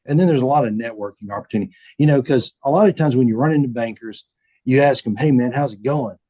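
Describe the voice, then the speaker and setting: Man, folksy storyteller, mellow dark voice, dry close sound. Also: mid-range voice, fast talker, no room sound, poor audio. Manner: folksy, repeats words, acts out quotes. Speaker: bank CEO, podcast guest. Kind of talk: casual storytelling interview.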